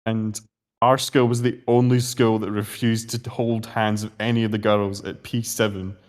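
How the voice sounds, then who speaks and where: A man's voice: fairly low pitch, little pitch movement, normal speed. A young Scottish man answering quiz questions, hesitant and given to rambling stories and swearing. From Scotland. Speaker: quiz contestant. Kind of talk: casual podcast chat.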